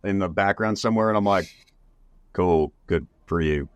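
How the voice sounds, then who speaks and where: A man's voice: sits low, moderate pace, dry recording. A man hosting a podcast, talking in a laid-back way, swearing freely and voicing the quotes. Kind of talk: casual podcast chat.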